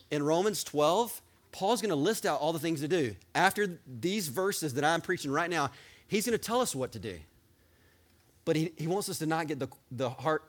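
A pastor preaching with animated, excited energy, his voice pitched a bit high. He works himself up until he is nearly yelling, then pulls back. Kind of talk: sermon.

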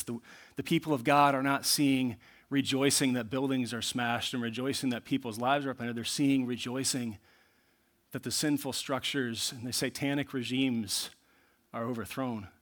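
A man preaching a sermon in an earnest way, going from low asides to loud bursts. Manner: earnest preaching, rising to loud bursts when reading scripture. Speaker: pastor.

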